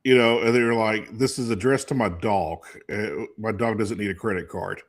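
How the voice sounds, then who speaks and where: A man's voice: fairly low pitch, normal speed. A man in his forties co-hosting a casual sports talk show, telling a rambling story full of restarts and fillers. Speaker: co-host. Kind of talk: casual chat.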